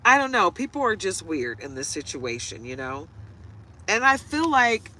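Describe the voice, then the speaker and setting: A woman's voice: lowish voice, big pitch swings, normal speed, pushed and bright, low-quality recording. A woman tarot reader chatting to camera from inside a parked truck, telling stories, laughing often and now and then getting choked up. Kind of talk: casual chat to camera.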